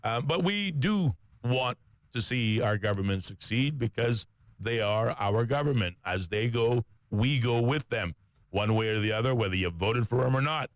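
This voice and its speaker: A man's voice: medium pitch, expressive, normal speed, dry recording. A man co-hosting a radio talk show. He reads sports news in a conversational way, with frequent "uh" fillers and self-corrections.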